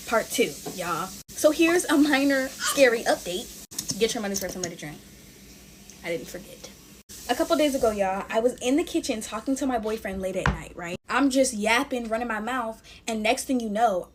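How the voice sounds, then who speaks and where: This young woman, whose voice sits a little high, speaks briskly over faint background noise. She's sharing a personal story in a chatty storytime style, addressing her viewers directly as "y'all."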